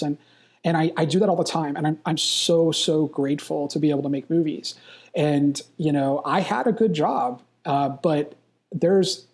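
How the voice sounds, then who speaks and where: A man's voice: fairly high pitch, darkish tone. A man talking as a filmmaker guest in a casual interview, enthusiastic and rambling, from a hotel room. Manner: enthusiastic, rambling, quick bursts.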